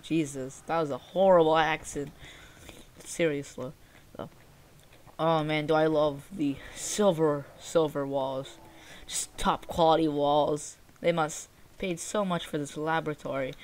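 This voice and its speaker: Slow, sarcastic young woman gaming. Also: fairly low pitch. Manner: exasperated, sarcastic complaining. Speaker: gaming youtuber. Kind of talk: gameplay commentary.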